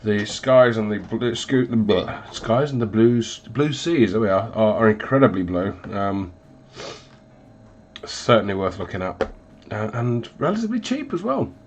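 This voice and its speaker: With a faint hiss or hum in the recording, the host's lowish voice comes across animated at a moderate pace. He's recovering from being sick and sounds stuffed up, chatting loosely on his painting livestream with lots of ums and self-deprecation in his stuffy hobby room, windows closed.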